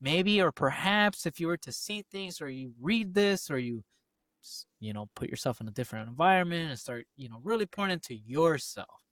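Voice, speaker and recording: A man in casual podcast chat, animated and swearing freely, repeating phrases for emphasis. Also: on the high side, moderate pace, no echo. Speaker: podcast co-host.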